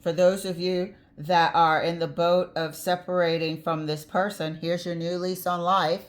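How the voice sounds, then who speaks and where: A woman's voice: on the low side, little pitch movement, measured pace. A woman giving a casual tarot reading, chatty and blunt, with the odd swear word and easy laughter. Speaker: tarot reader.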